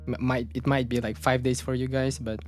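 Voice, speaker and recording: A young man co-hosting a casual podcast, laid-back and halting, laughing often. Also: mid-range voice, level tone, faint music behind. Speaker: podcast co-host. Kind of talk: casual chat.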